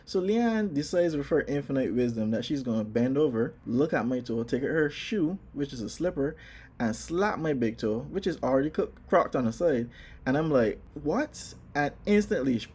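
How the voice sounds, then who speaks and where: Mellow-voiced man telling a story. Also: breathy edge. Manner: animated, acts out his own exclamations in a higher voice. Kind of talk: casual personal storytelling.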